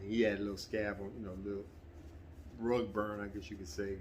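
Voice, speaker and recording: A middle-aged man telling a personal story in a relaxed, conversational way, sometimes getting animated. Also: fairly low pitch, fast talker, a little hiss or hum. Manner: relaxed, conversational, breaks into animated quoted voices. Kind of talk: casual spoken anecdote.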